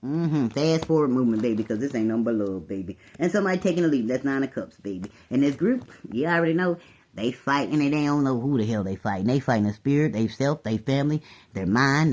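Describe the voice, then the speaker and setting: A woman giving a casual tarot reading to her viewers, animated, calling everyone "baby" and laughing often. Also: rumbling low, a little fast. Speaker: tarot reader.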